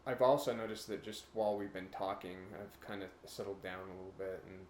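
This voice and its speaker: A man's voice: lowish voice, fairly even intonation, a little fast, roomy sound. A man co-hosting a casual chat, rambling and breaking into brief imitation voices, a little nervous about recording. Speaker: podcast co-host.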